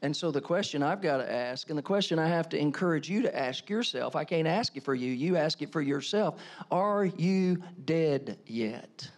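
A middle-aged man preaching a sermon as a pastor, emphatic and animated, full of rhetorical questions. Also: fairly high pitch, a little fast, hardly any pauses.

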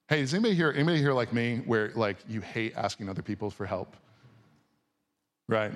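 A man in his forties preaching a sermon to a congregation in a casual, conversational way, dropping from soft, slow words to loud bursts. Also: medium pitch. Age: 40s. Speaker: pastor. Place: church or auditorium before a congregation.

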